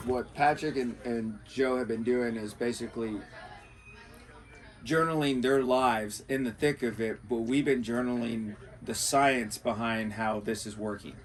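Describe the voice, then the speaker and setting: Male podcast host, mid-pitched voice, enthusiastic, casual explaining. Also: fairly even intonation, unhurried.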